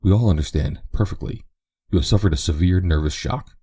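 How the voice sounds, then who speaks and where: A man reading the part of a courteous young ranch man in a gentle, reassuring way. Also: sits low, a little fast, slightly rough, voice pushed up.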